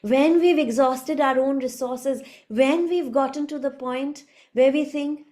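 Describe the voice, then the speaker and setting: A woman giving a reflective spiritual talk as a teacher, soft-spoken and unhurried. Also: high voice.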